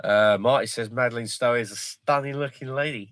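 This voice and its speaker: A man hosting a casual livestream, joking, swearing and excitedly retelling film scenes. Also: mid-range voice, brisk, no echo. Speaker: livestream host.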